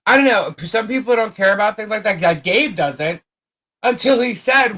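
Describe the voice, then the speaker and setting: A woman at a middle pitch, chatting loosely on a live show. She rambles through her story, circling back and repeating herself, with plenty of ums and uhs. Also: expressive, moderate pace, a bit bright, low-quality recording. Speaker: co-host of a live chat show. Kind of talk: casual storytelling chat.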